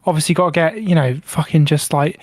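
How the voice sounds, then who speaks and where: A man co-hosting a podcast, telling a story with animated energy and frequent swearing. His voice sits a little higher than most men's, recorded close and dry with no room sound. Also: brisk, no room sound. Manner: animated, swears freely, acts out his own reactions. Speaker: podcast co-host. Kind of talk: casual storytelling banter.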